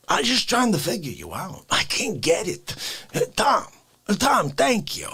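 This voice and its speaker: A man hosting an unscripted comedy livestream, ranting with wild swings between whispers and shouts and frequent laughter. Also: high voice, huge pitch swings, measured pace, creaky, husky. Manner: wildly swinging delivery, dropping to whispers and bursting into shouts, laughing.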